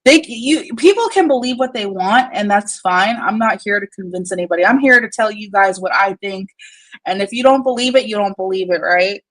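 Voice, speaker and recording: A woman's voice: mid-range voice, a little fast, low-quality recording. A woman streaming casual commentary, blunt and profane, rambling and laughing often while she multitasks on screen. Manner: distracted while working on screen.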